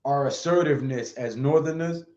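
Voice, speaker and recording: A man's voice: a little high, brisk, reverberant, muffled recording. A man from New York, assertive and outspoken in casual sports talk. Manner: assertive, outspoken, says he speaks loud.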